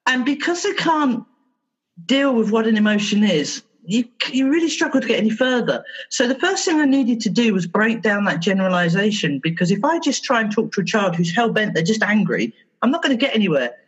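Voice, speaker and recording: A woman therapist talks in a podcast interview, her slightly husky voice swinging widely up and down as she tells stories. She acts out little exchanges with children along the way. The audio is a bit dull and lo-fi. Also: on the high side, big pitch swings, fairly quick. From England. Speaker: therapist guest.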